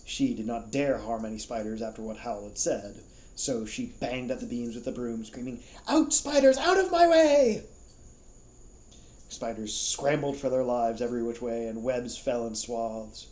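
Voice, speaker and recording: A man reading a novel aloud as a storyteller, calm and even. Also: mid-range voice, normal speed, reverberant, poor audio. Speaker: storybook reader.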